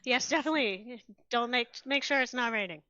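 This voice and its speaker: Female player with a bright, crisp voice, light manner, dry lo-fi recording. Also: a little high, a little fast, slight background noise. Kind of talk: casual tabletop play. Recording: dry, slightly dull lo-fi audio.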